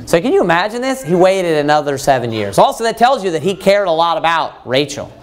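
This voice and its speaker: A man preaches a verse-by-verse sermon in a high, animated voice. His pitch swings widely as he builds emphasis, and he talks conversationally, often restarting his sentences. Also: a little fast.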